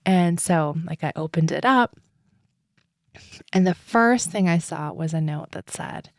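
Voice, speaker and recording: A woman podcast host telling a personal story in a rambling, chatty way, full of "like" and "um" and quick laughs. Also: on the low side, no echo, clean studio sound.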